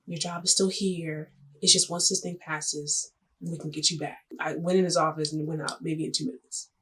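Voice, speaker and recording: A woman's voice: sits low, little pitch movement, fairly bright tone, breathy edge. A young woman vlogger telling a personal story to the camera in a chatty, dramatic, joking way. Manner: chatty, dramatic, jokey, quick asides.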